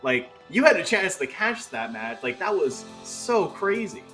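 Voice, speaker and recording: A Canadian man hosting an esports tournament desk, excitable and full of "like" fillers. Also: high voice, a little slow, soft background music. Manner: excitable, filler-heavy with lots of "like". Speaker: tournament host.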